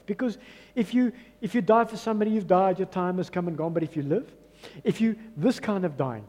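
A man's voice: sits high, a little mellow, husky, long reverb tail. A man preaching a sermon in a church, emphatic and repeating his key phrases. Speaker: pastor.

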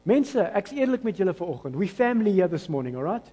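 A man with a South African accent preaching a lively, emphatic sermon to his church. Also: sits high, fast talker, few pauses, husky. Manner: animated, rising to emphatic bursts. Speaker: pastor. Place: church hall. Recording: long church hall reverb.

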